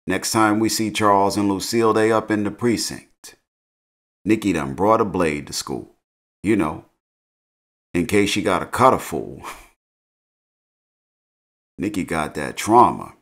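A man's voice: deep voice, lively intonation, a little slow, long pauses, fairly bright tone. A middle-aged man casually recapping a TV episode in slangy, laid-back talk, laughing at his own jokes. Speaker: show recap host.

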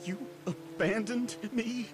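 An actor voicing an obsessive male lion villain in an animated series, with pleading, possessive speech. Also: very high-pitched, takes it slowly. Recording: animated clip with loud music.

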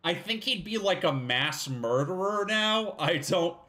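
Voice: mid-range voice, expressive, unhurried, sharp tone. A streamer giving casual live commentary while playing a game, wry and rambling, with profane asides.

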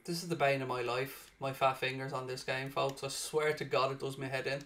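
A man hosting and commentating on his own football video game, excitable and swearing loudly in frustrated outbursts, sounding tired. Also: mid-range voice, a little fast, few pauses. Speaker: gaming streamer and host. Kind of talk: live gaming commentary.

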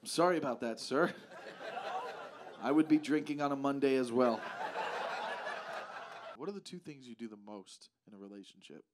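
A man's voice: medium pitch, moderate pace, pauses often, background noise. A man doing profane stand-up crowd work on a club stage, teasing audience members over a handheld mic. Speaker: stand-up comedian. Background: audience laughter.

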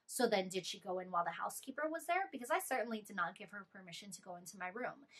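A young woman vlogger telling an animated, exasperated storytime about a bad living situation. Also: medium pitch. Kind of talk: storytime vlog.

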